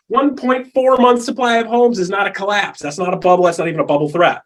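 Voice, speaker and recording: A middle-aged man coaching real estate agents in an interview, talking with animated energy and acting out the people and calls he describes. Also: high-pitched, fast talker, few pauses.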